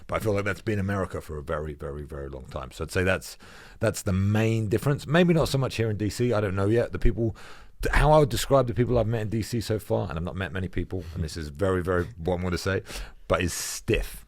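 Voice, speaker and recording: A deep-voiced British man talks as a podcast guest, relaxed and reflective. The recording is dry and close. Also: fast talker, no echo. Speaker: guest, former fighter and coach. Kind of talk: casual podcast conversation.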